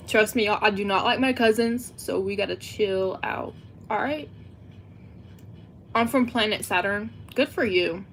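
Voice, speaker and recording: A woman's voice: medium pitch, measured pace, pauses often, slight background noise. A teenage girl with a Southern US accent, chatting and giggling to her livestream chat. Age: teens. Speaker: livestream host.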